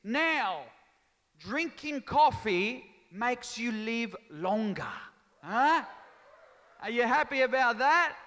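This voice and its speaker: A man's voice: very high voice, expressive, takes it slowly, bright, forceful tone. A man doing live stand-up comedy and teasing the crowd, mixing in Italian phrases. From Australia. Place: large town hall stage. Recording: long reverb of a hall.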